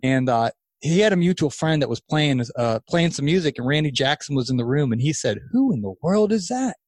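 A man in his thirties, a podcast guest, telling a long story in casual chat, animated and rambling with restarts. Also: medium pitch, fairly quick, dry recording. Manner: animated, acts out quoted voices, rambling restarts. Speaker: podcast guest, lawn care business owner.

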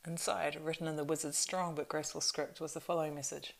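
A woman reads a story aloud, narrating in a steady, unhurried way. Her voice sits low. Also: vocal fry. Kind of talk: audiobook reading.

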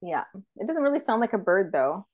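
A woman co-hosts a podcast and coaches her partner through a hard moment. She affirms often and teases playfully, her pitch moving in a lively way. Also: brisk. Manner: supportive, teasing, frequent affirmations. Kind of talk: candid casual chat.

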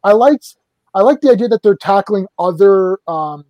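A man's voice: sits high, animated, moderate pace, warm tone, dry recording. A man co-hosting a casual film podcast, rambling and hesitant, searching for words. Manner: rambling, hesitant, many fillers and restarts. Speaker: podcast co-host.

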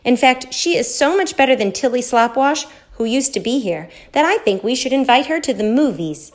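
A woman's voice: sits high, lively intonation, moderate pace, pitched above the performer's own voice. A woman voicing a jovial father who teases in a mock-formal way. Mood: joking. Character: jovial father teasing his family.

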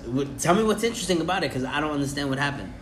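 A man's voice: fairly high pitch, animated, very fast, a crowd in the background. A young man co-hosting a casual podcast, teasing and incredulous, cursing freely. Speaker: podcast co-host. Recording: echoey room with background noise.

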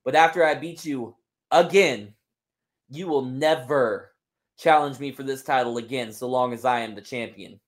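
A man's voice: medium pitch, moderate pace, lightly acted. A man voicing a smug, gloating male wrestling champion, taunting and mocking with a half-attempted Australian lilt.

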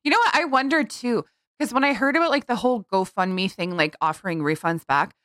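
A woman's voice: medium pitch, fairly quick, a bit bright, dry recording, studio quality. A woman co-hosting a casual podcast, laid-back and laughing easily, swearing casually. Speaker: podcast co-host.

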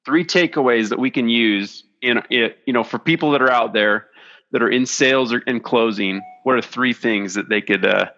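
A male host chats casually with his guest over a remote call. His voice is bright and forceful but comes through dull and lo-fi, and he fills pauses with "uh-huh" and "man". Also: medium pitch. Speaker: podcast host. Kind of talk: remote podcast interview. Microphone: video call.

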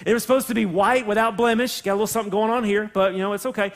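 Man, pastor, high voice, animated, jokey, church sermon. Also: very fast. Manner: animated, jokey, acts out voices of people and God. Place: church sanctuary.

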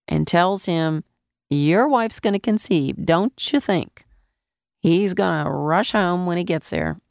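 Woman Bible teacher, low gravelly voice, unhurried sermon delivery, lozenge in her mouth. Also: no room sound, studio quality. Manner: conversational, asks the listeners questions.

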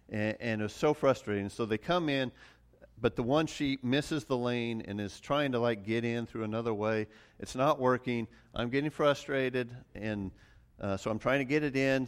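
Casual, chatty male pastor. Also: medium pitch. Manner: conversational, many restarts and fillers, chuckles at himself. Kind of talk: casual sermon with personal stories.

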